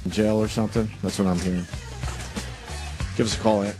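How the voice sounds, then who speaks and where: A man's voice: lowish voice, steady tone, a little fast, music in the background. A man hosting a radio show, chatting loosely with his studio crew. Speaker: radio host. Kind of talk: casual studio banter.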